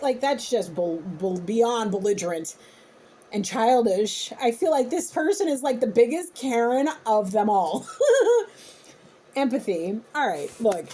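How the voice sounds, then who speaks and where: Woman, intuitive reader, fairly high, mellow tone, blunt and emphatic, plain-spoken. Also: lively intonation, measured pace, husky. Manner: blunt, emphatic, casually profane. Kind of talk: spiritual reading addressed to viewers.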